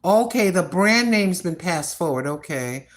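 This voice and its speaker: A woman's voice: fairly low pitch, lively intonation, a little slow, rough recording. An older American woman chatting casually and rambling to her viewers at home. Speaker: vlogger. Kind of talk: casual chat.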